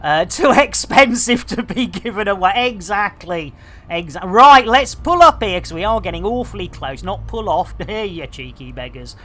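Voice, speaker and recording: During a live game stream, a man with a high-pitched, expressive voice and a sharp tone chats at a normal speed. He cracks innuendo-laden jokes and makes mock public announcements.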